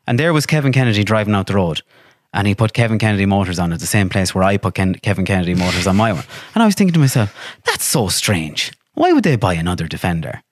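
An Irish man with a low voice tells stories on a podcast. He acts out other people's lines and swears casually. The sound is dry and close. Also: very fast, dry recording. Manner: animated, swears freely, acts out quotes. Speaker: podcast guest. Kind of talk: casual chat, storytelling.

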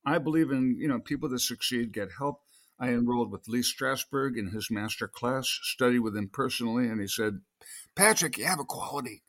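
A man's voice: mid-range voice, fairly quick. An older man, a guest actor, telling long rambling stories in an interview and acting out quoted lines. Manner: storytelling, acts out quotes.

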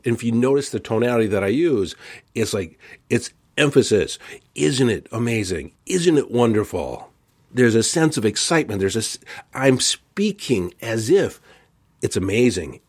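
A man's voice: mid-range voice, a little mellow. A man hosting a self-help podcast, talking earnestly and stressing repeated phrases with a set tonality. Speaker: podcast host.

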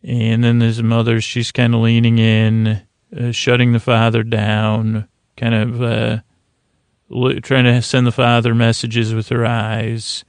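Male podcast host, gravelly and dry-miked, rambling recap with many ums. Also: medium pitch, completely flat delivery, measured pace, dry recording. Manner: rambling, hesitant, lots of fillers. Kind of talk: casual episode recap.

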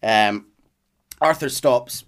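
A man's voice: mid-range voice, extremely slow, a bit bright. Podcast guy recapping game story, loose and chatty, lots of ums. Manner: chatty with frequent fillers and laughs. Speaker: podcast host. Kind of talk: casual lore recap chat.

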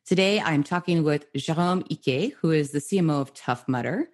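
A woman's voice: low voice, fairly quick. An American woman hosting an interview podcast, upbeat and enthusiastic. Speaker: podcast host.

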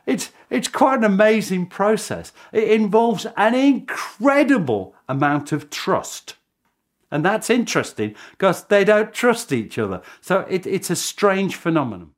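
Animated British historian, lively voice. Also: male voice, sits high, unhurried. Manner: animated storytelling with chuckling asides. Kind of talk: documentary interview.

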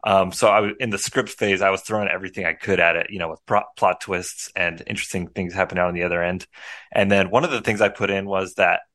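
A man with a fairly low voice talks through how he wrote and cast his film. He sounds relaxed and explanatory, like a guest in a podcast interview. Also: quick pace. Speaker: filmmaker guest.

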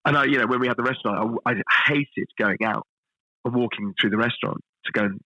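A middle-aged man, a chef guest telling stories in a relaxed podcast interview, self-deprecating and full of restarts. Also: medium pitch, fast, dry recording, poor audio. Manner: chatty, self-deprecating storyteller with frequent restarts.

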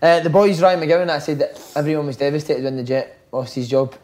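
A man hosting a podcast, firing off quick, teasing questions at his guest. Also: a little high, a little mellow. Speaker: podcast host. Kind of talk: casual interview chat.

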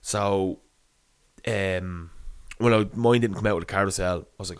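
A man's voice: low voice, fairly even intonation, normal speed, clear, resonant tone. Rambling, swearing young man. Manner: rambling, swearing, laughing anecdote. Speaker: storyteller. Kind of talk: casual chat.

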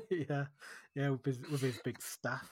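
A man's voice: mid-range voice, unhurried, dry recording. A man with a Northern English accent, chatting casually about a trip, rambling and laughing easily. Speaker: podcast guest. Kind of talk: casual chat.

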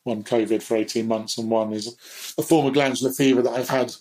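A man's voice: mid-range voice, fairly even intonation, brisk, a little mellow, rough recording. A man speaking as a guest in a candid, reflective conversation, sometimes laughing at himself. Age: adult.

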